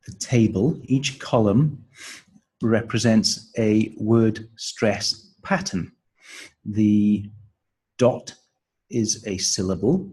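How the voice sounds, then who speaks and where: This man plays a teacher trainer giving a slow, explanatory walkthrough of a training manual, filled with ums and uhs. His voice is on the low side, darkish and slightly rough, over a rough recording.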